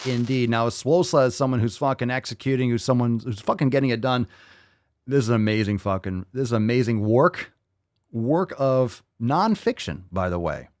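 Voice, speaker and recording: A man's voice: medium pitch, moderate pace, a little mellow, no room sound, studio quality. A man hosting a podcast, ranting casually with heavy swearing and repeating phrases for emphasis. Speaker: podcast host.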